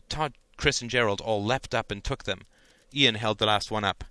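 A man reading a comic novel aloud as narrator, voicing the characters with lively, dry delivery. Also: fairly low pitch, normal speed, hardly any pauses, clean tone, no echo. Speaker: audiobook narrator.

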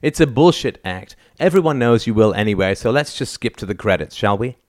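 A man's voice: fairly low pitch, expressive, fairly quick, no echo, studio quality, lightly acted. A man voicing an irreverent, wisecracking young friend in an audiobook. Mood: teasing. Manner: wisecracking, brash.

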